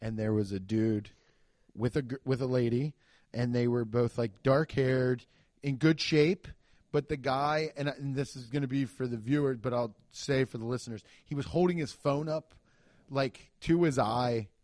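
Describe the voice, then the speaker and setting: A man's voice: medium pitch, normal speed, darkish tone, no room sound, studio quality. A man, a comedian and podcast host, telling rambling stories full of "like" and crude jokes in casual chat.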